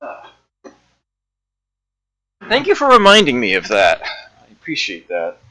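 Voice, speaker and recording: A man streaming old arcade games, chatting casually with viewers, laughing often and filling pauses with uhs. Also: medium pitch, wildly swooping pitch, bright, forceful tone, low-quality recording. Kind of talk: casual gameplay commentary. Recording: backup mic, music behind.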